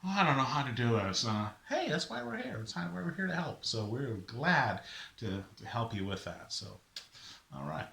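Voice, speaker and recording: A middle-aged man telling a personal story in an animated way, acting out the voices of himself and his father. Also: medium pitch, normal speed, gravelly. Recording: echoey room.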